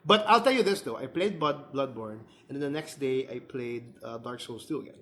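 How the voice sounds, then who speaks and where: A man co-hosting a casual gaming podcast, excitable and quick, laughing often. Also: mid-range voice. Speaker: podcast co-host. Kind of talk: casual chat.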